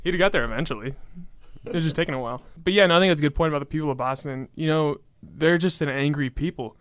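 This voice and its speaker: A young man on a casual sports podcast who talks quickly and sits a bit high. He trades jokes and loud opinions, recorded close and dry. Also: dry recording. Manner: joking and opinionated. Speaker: podcast co-host.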